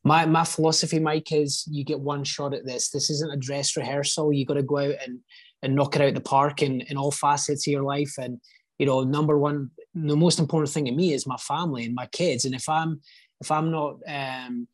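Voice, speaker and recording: A man's voice: fairly high pitch, little pitch movement, moderate pace. A man in his forties with a Scottish accent, speaking as an interview guest. He talks in an earnest, reflective way and often restarts his sentences. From Scotland. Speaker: guest, real estate agent. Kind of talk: casual podcast interview.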